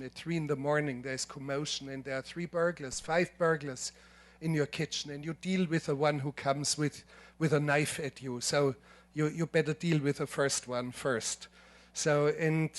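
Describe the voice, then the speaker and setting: A man in his seventies with a German accent giving a lecture, telling anecdotes in a measured, emphatic way with frequent restarts. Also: on the high side. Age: 70s. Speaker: filmmaker giving a masterclass. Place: lecture hall.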